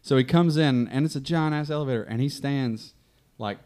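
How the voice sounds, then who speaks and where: A man's voice: mid-range voice, fairly quick, smooth. A man, an ICU nurse telling a story animatedly on a casual podcast and laughing as he talks. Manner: animated storyteller who laughs while talking.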